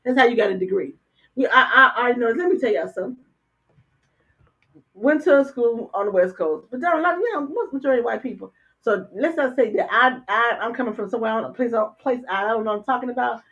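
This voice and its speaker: An older woman co-hosting a casual talk show, blunt and animated, often stammering and repeating words. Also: fairly high pitch, fast talker. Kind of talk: casual political chat. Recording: dull lo-fi stream audio.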